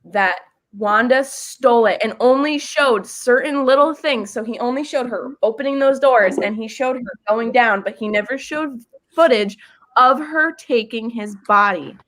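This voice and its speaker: A woman's voice: fairly high pitch, normal speed, fairly bright tone. Earnest woman hosting a fan chat. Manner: earnest, explaining at length. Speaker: show host. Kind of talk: casual fan discussion.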